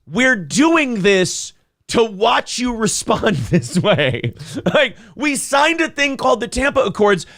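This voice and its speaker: Man, podcast co-host, high animated delivery, sarcastic ranting, profane banter. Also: slow pace, dry recording, studio quality. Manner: ranting, sarcastic, mocks critics in shouted voices.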